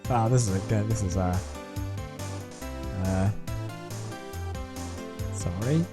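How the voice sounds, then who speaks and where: A woman's voice: a bass voice, takes it slowly, loud music behind the voice. A woman streaming a game, chatting in self-deprecating asides. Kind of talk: game stream read-through.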